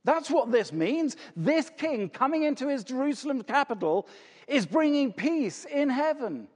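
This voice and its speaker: A man's voice: very high-pitched, very animated, measured pace, a little mellow. A man preaching a sermon with emphasis, asking rhetorical questions and repeating words for effect. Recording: long reverb of a large hall.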